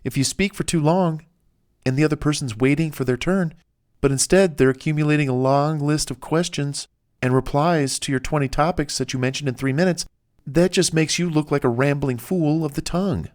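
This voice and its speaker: A man's voice: on the high side, brisk, darkish tone. A man narrating a self-help audiobook in a casual, anecdotal way, with fillers and the odd chuckle.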